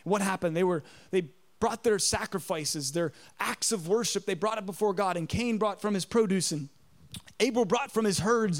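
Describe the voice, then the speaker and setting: A man in his thirties preaching a sermon, telling a story in an animated way and acting out the voices in it. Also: high-pitched. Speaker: pastor.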